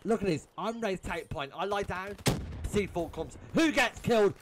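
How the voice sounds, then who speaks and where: This young gaming YouTuber delivers a profane, frustrated rant over footage of his own match. He has a high voice at normal speed, and the background is noisy with loud game gunfire and shots.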